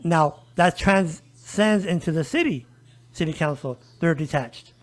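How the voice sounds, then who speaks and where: A man with a high voice speaks as a disability rights advocate in a relaxed podcast conversation. He tells his story with animation and acts out the dialogue of the people he quotes. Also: unhurried. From El Paso, Texas.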